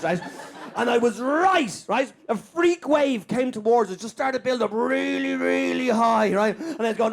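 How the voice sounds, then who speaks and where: A man's voice: very high voice, vocal fry. An Irish man doing live stand-up, telling a story at speed and tagging lines with "right?". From Ireland. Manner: rapid anecdote, tags lines with "right?". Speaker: stand-up comedian. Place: small comedy venue with live audience.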